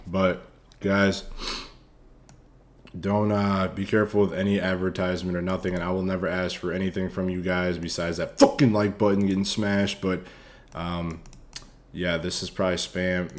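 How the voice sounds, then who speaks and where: A man casually reviewing stock charts for viewers, loose, profane and hyped up. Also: low voice. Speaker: stock trading streamer.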